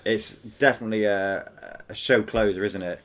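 A man co-hosting a podcast in casual chat, enthusiastic and chatty, quick to laugh. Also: on the low side, steady tone. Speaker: podcast co-host.

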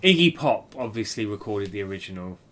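A man hosting a casual album review chat, easygoing and presenter-like, often pausing on fillers. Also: on the low side, lively intonation, over music. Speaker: podcast host.

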